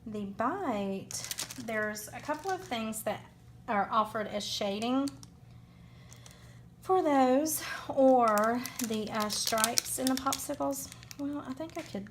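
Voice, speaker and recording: Southern woman demoing crafts, unhurried and chatty, thinking aloud with pauses. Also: a little high, lively intonation, noisy background. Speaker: card-making demonstrator. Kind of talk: unscripted crafting demo.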